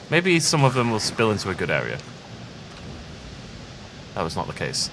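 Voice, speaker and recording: A man's voice: fairly low pitch, huge pitch swings, normal speed, long pauses, a bit bright, slight background noise. A man chatting casually while playing a game, rambling and self-deprecating. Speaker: let's play host. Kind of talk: casual gameplay commentary.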